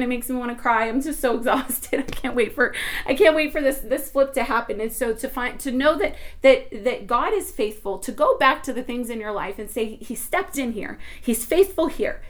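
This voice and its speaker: A woman giving an informal devotional talk, rambling with many restarts and swinging between hushed and excited tones. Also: sits high. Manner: rambling, emotional, with frequent restarts. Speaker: Christian teacher.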